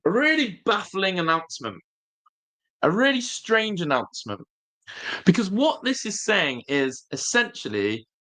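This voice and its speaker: A man with a slightly high voice and a sharp tone hosts a laid-back football fan channel stream. He talks straight to viewers, stays emphatic, and repeats phrases often.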